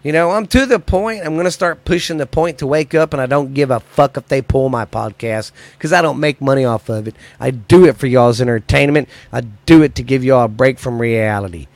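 A man hosting a podcast, ranting in a profane, agitated way that swings between loud and quiet. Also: medium pitch, brisk, hardly any pauses, no echo. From United States. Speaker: podcast host. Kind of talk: angry solo podcast rant.

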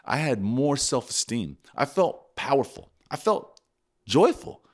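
A man's voice: mid-range voice, measured pace. A young man in casual podcast chat, telling stories and acting out his own reactions. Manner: animated storyteller, acts out his own reactions. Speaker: podcast co-host.

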